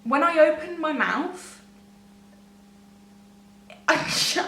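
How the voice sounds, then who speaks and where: A young woman speaks casually to her camera, her fairly high voice wandering through the story with restarts and nervous little laughs. She sits some way from the mic in an echoey room, with a faint hum underneath. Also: expressive, measured pace, pauses often, fairly bright tone, recorded from a distance. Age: young adult. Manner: rambling, self-interrupting, laughs nervously. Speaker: vlogger.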